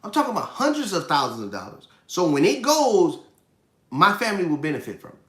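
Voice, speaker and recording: Male host in his 30s, emphatic casual livestream delivery, slightly high voice, roomy echo. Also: huge pitch swings, brisk, a bit bright. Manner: emphatic, repeats points, reads chat questions. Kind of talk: casual live finance stream.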